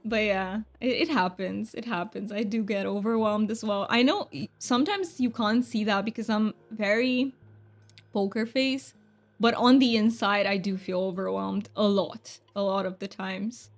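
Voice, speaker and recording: A woman's voice: a little high, normal speed, soft background music. A woman game streamer chatting casually with her viewers, self-deprecating and thanking chat.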